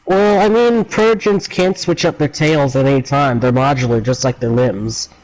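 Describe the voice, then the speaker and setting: A man's voice: medium pitch, moderate pace, darkish tone, poor audio. A man joining a livestream as a guest, chatting casually in a playful, teasing way. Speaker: guest on stream. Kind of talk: casual voice chat.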